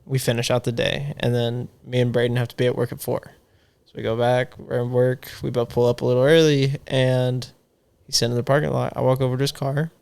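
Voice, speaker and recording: A man's voice: medium pitch, level tone, a little fast, gravelly, hardly any pauses, darkish tone, clean tone. A young man, a podcast guest, telling rambling, profane party stories in casual chat. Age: young adult. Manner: rambling, profane, laughing storyteller. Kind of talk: casual storytelling.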